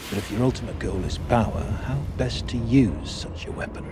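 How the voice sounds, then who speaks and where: An actor voicing a grave male narrator in a film who tells of a conspiracy in a measured, ominous way. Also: medium pitch, noisy background, natural voice. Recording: film soundtrack with loud music.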